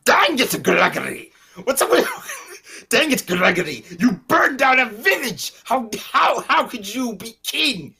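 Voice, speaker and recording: A woman's voice: mid-range voice, expressive, measured pace, pushed and bright, breathy edge, full character voice. A woman playing an exasperated royal elder scolding a reckless prince in an improv comedy scene.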